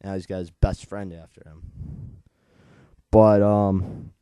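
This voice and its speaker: Deep-voiced teenage comic reviewer. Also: male voice, flat delivery, slow pace, warm tone, clear, resonant tone, dry recording. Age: late teens. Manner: chatty and digressive, retelling the plot.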